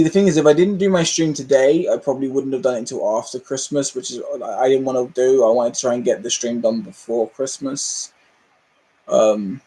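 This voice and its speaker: A man hosting a casual livestream, ranting in an animated way, laughing often and swearing freely. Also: mid-range voice. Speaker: livestream host.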